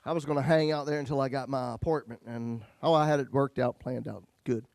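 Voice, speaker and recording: A man's voice: medium pitch, steady tone, brisk, vocal fry, dry recording. Male pastor preaching, dry sound. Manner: folksy testimony, swings from loud to hushed. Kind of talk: sermon.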